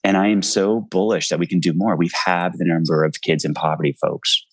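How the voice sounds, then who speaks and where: This author, a man in his forties, is a guest on a video call interview from home. His deep voice is a little fast and breathy, with fairly even intonation, and he talks earnestly and passionately in bursts. The recording is dry and of poor quality.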